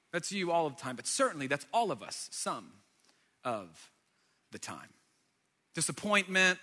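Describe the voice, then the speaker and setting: Animated man preaching in a reverberant hall. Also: a little high. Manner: animated storytelling, breaks into loud exasperated outbursts. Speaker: pastor. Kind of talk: sermon with personal story.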